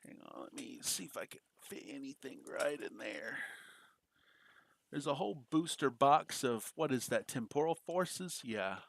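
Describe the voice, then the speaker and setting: Animated yet unhurried, this American gamer has a creaky, medium-pitched voice as he live-streams, cracking jokes, laughing frequently and responding aloud to his chat in a casual way.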